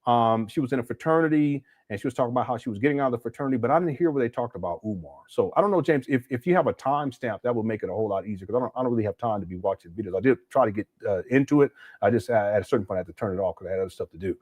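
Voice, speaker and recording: A man's voice: medium pitch, racing, a little mellow, no room sound. A man hosting a livestream, giving blunt, critical commentary and answering viewer chats, often restarting his sentences. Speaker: host.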